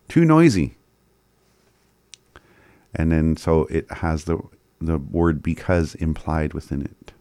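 Low, slow-talking man explaining phrases. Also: animated, mellow, smooth, no echo, clean studio sound. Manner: thinking aloud, hesitant, chuckling often. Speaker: language teacher. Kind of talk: working through a phrase list aloud.

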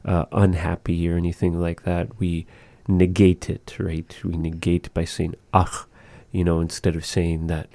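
Low, dark-voiced man teaching words. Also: monotone, gravelly, no echo. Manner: patient, repeats words slowly for his partner. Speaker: language teacher. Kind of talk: casual language lesson.

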